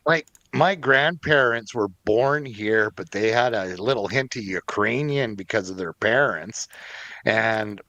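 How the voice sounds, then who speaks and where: Slow, rambling man, dry sound. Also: on the low side, sharp tone, no echo. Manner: rambling, hesitant with fillers. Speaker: podcast co-host. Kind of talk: casual podcast chat.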